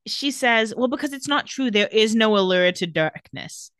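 A woman's voice: fairly high pitch, expressive, moderate pace, a bit bright, clean tone, no room sound. A young woman co-hosting a casual chat, retelling TV scenes and quoting the characters. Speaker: podcast co-host recapping a TV episode.

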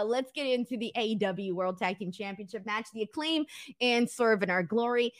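A woman co-hosting a casual wrestling podcast, playful and quick to laugh as she reads out viewer comments. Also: on the high side. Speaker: podcast co-host.

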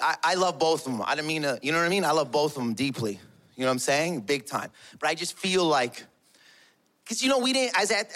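A man performing stand-up comedy, telling crude family stories in an animated way. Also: a little high.

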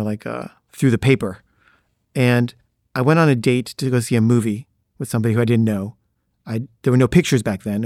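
A man's voice: mid-range voice, darkish tone, no echo, clean studio sound. A middle-aged man from the Los Angeles area telling a personal story in a conversational way, acting out the people he quotes. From Los Angeles, the San Fernando Valley. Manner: conversational, acts out quoted voices.

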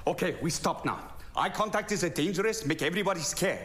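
A man's voice: sits high, lively intonation, fast, a bit bright, a little hiss or hum. An actor playing a stubborn, proud immigrant father with a Korean accent, speaking blunt, broken English in a sitcom. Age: older. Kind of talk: sitcom acting.

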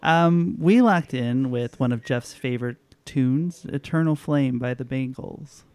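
A man's voice: mid-range voice, a little slow, a little mellow. A man steering his team's trivia answers in casual podcast chat, decisive and laughing easily. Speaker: trivia team captain.

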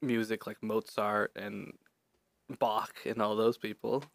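A man's voice: fairly low pitch, flat delivery, slow, vocal fry. A man co-hosting a podcast in casual chat, rambling and joking with lots of fillers. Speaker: podcast co-host.

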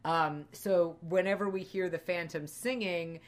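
A woman's voice: on the low side, fairly even intonation, measured pace. A woman co-hosting a casual film review podcast, talking thoughtfully with many fillers and restarts. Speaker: podcast co-host.

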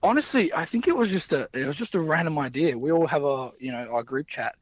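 A man's voice: fairly high pitch, animated, quick pace, no echo. A young man telling casual stories as a wrestler guest, rambling with fillers and frequent laughter. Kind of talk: casual anecdotal storytelling. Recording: dull lo-fi dry sound.

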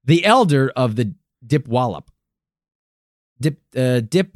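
A man's voice: mid-range voice, animated, unhurried, no room sound. A playful, foul-mouthed man hosting a comedy podcast about history. His voice swings widely up and down as he jokes. The sound is dry and close, with no room around it. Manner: crude, profane, playful narration with silly vocal asides. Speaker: podcast co-host.

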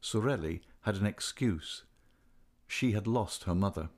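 A man reading a classic novel aloud in a measured, steady way. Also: fairly low pitch. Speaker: audiobook narrator.

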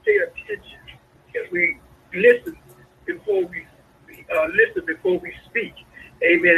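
A man preaching a sermon, a pastor calling out to his congregation with sudden high swoops in his voice. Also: vocal fry, slightly rough. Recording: lo-fi radio broadcast sound.

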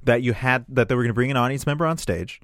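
A man's voice: mid-range voice, fast, a bit bright, dry recording, studio quality. A man, a stand-up comedian, telling a story in a casual podcast chat. He rambles with lots of restarts and fillers and swears freely.

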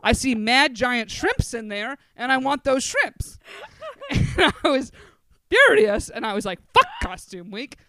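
Brief: New woman, podcast co-host, lively swooping delivery, smooth clear voice, cursing and self-mocking. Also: sits high, a little slow. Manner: animated, profane, self-mocking storytelling. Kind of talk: casual storytelling chat.

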